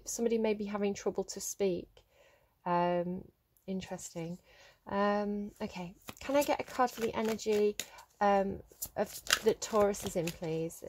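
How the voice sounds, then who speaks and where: A woman's voice: mid-range voice, darkish tone, slight background noise. A woman giving a casual tarot reading, talking in a hesitant way with many fillers and restarts. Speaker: tarot reader.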